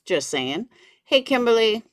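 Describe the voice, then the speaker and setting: Chatty woman live-streaming with a lively voice. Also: on the high side, measured pace, no echo, studio quality. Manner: chatty, greets viewers by name, talks to her chat. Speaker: livestream commentary host. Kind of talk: casual live-stream chat with viewers.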